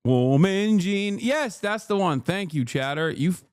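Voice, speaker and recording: A man's voice: sits high, sing-song, unhurried, no echo, studio quality. A man hosting a livestream, talking casually to his chat in a rambling, heated and jokey way. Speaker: livestream host.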